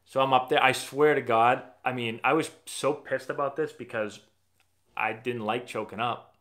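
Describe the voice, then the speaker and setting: A man's voice: medium pitch, steady tone, normal speed, a bit bright. A man from Massachusetts hosting a casual live stream, answering viewer questions as a rambling, chatty storyteller. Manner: rambling, chatty storyteller who often restarts sentences.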